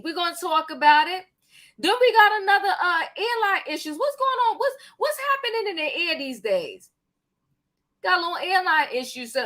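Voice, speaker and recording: An older woman hosting a casual gossip chat on an online panel show, lively and playful, with lots of slang and filler. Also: high voice. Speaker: host.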